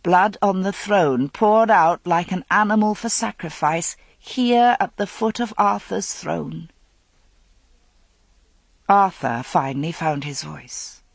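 A narrator reading a dramatic story aloud in a measured manner. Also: medium pitch, animated, creaky, no echo. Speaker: audiobook narrator.

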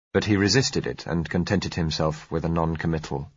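A man narrating an audiobook in an even, measured way. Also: low-pitched, slightly rough, no echo, dull audio.

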